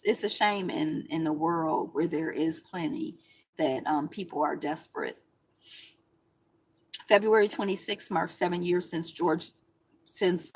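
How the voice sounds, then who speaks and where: A woman's voice: lowish voice, slightly rough. Lady host reading headlines n riffing, chatty and sarcastic. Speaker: show host. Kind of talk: casual news commentary.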